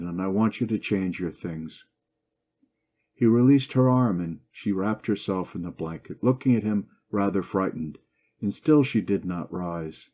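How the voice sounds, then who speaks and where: A man reads a short story aloud in a low voice, at a steady and measured pace. He slows down and softens for the quoted lines. The recording sounds dull and lo-fi. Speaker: narrator.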